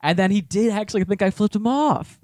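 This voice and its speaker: A man's voice: sits high, a little fast, no room sound, clean studio sound. A young man co-hosting a podcast, telling a story in casual chat and acting out the people in it. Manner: animated storyteller, acts out the people in his story. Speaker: podcast co-host.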